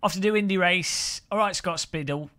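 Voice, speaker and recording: Bright-voiced joking man. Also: high voice, normal speed, clear, resonant tone. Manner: chatty and joking, often laughing, reading chat aloud. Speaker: streamer. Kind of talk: casual live-stream commentary while sim racing.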